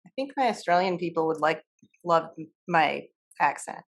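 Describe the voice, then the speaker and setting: A woman's voice: sits low, animated, moderate pace. A young woman co-hosting a podcast in casual chat, chatty with frequent laughs and fillers. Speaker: podcast co-host.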